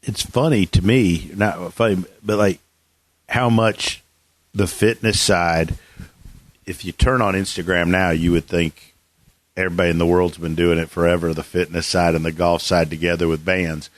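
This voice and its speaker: A man's voice: low-pitched, fairly even intonation, moderate pace, no echo. A man hosting a casual golf coaching interview, rambling with many restarts and fillers. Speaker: golf coach and podcast host.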